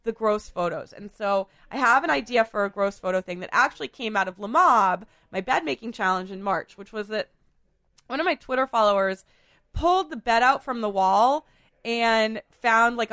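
A woman hosting a podcast in a casual chat, hoarse from a cold, chatty and full of fillers. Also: on the high side, animated, normal speed, fairly bright tone. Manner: chatty, filler-heavy, laughs often. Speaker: podcast host.

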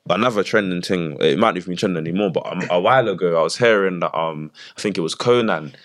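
A man's voice: low-pitched, quick pace, fairly bright tone. A man hosting a podcast, chatty and slangy, asking loose rambling questions. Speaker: podcast host. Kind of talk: casual podcast chat.

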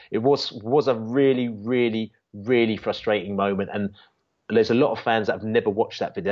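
A man's voice: fairly low pitch, darkish tone. A man telling a long football fan story in casual chat, rambling with many restarts and fillers. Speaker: football fan channel guest. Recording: dull lo-fi sound.

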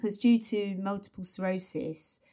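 A woman co-hosting a podcast in a relaxed, rambling way. She talks at a middling pitch, leaning on fillers and restarting her sentences as she goes. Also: measured pace. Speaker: podcast co-host. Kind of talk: casual chat about a song.

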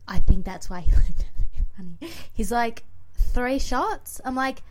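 A woman's voice: fairly high pitch, moderate pace. Young aussie woman chatting on a podcast, says "like" constantly, does little voices when she quotes people. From Australia. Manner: chatty storyteller, lots of "like", animated quoted voices. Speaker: podcast co-host. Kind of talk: casual chat.

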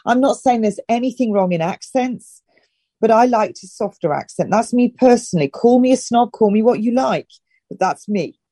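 A woman's voice: a little high, animated, dark tone, no room sound, studio quality. A middle-aged woman from northern England, a health and wellness guest, giving direct, emphatic advice in a casual interview. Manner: direct and emphatic, with brisk instructions.

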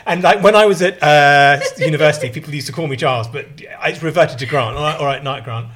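A man's voice: fairly high pitch, fast, crowd noise. A middle-aged man with a posh southern English accent, telling rambling anecdotes in casual chat and mimicking other people's voices. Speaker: podcast co-host.

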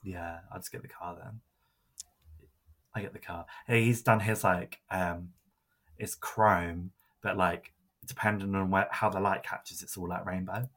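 A young man with a bright, forward tone and a husky edge to his voice. He chats casually as a podcast co-host, gossiping and laughing often. He sits a little lower in pitch than most men. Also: fairly even intonation, a little slow. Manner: gossipy, laughs often, quotes friends in raised voice. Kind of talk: casual chat.

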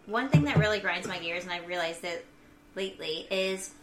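A woman's voice: on the low side, normal speed, crowd noise. A woman co-hosting a podcast, chatting casually and reading out questions in a studio. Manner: chatty, animated storytelling.

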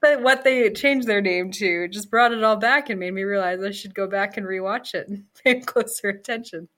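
A woman's voice: medium pitch, moderate pace, a bit bright. A woman co-hosting a podcast, talking through a film in a thoughtful, casual way with many "you know"s. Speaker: podcast co-host.

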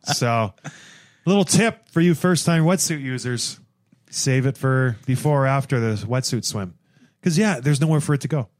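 A young man chatting casually as a guest, telling animated stories and acting out what people said. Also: medium pitch, normal speed. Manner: animated storyteller, acts out quotes. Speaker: podcast guest. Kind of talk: casual chat.

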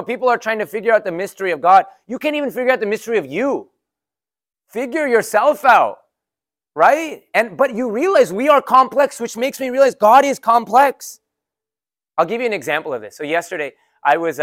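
A man's voice: fairly high pitch, fairly bright tone. A young adult man preaching a sermon in a conversational way, often asking the congregation rhetorical questions. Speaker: pastor.

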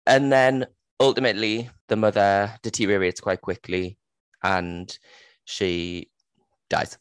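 Deep-voiced man, dry close sound. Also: slow pace, clean tone, dry recording. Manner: animated, swears freely, acts out quotes. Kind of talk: casual book chat.

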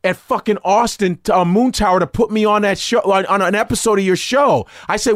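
A man from Chicago, a comedian guest, bantering in casual podcast talk, animated and profane with sudden loud outbursts. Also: high voice, fairly quick, hardly any pauses, no room sound, studio quality. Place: garage studio.

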